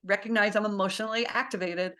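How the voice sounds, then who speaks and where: A woman's voice: mid-range voice, steady tone, fast, a bit bright. A middle-aged woman, a parenting guest, talking casually and laughing often as she acts out little quotes. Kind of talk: casual interview talk.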